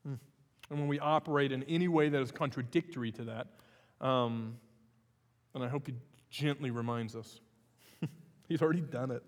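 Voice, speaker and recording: A man's voice: medium pitch, moderate pace, pauses often, long reverb tail. A man preaching a sermon as pastor, in a conversational way with frequent fillers and restarts.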